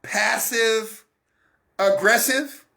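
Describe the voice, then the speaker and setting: A man's voice: high voice, extremely slow, gravelly, pushed and bright. A man giving a Christian teaching talk, emphatic and repetitive, coaching his listeners directly. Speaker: broadcast minister.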